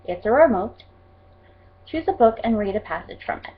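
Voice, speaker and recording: A woman's voice: fairly high pitch, animated, normal speed. A young woman from Oklahoma with a rural Oklahoma accent, chatty and upbeat, reading a word list for an accent challenge vlog. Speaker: vlogger. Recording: slightly dull lo-fi recording.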